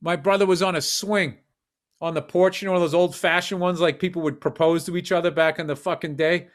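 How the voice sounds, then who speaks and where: A middle-aged man co-hosting a podcast, telling animated, profane childhood stories in casual chat. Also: fairly high pitch, fairly quick. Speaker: podcast co-host.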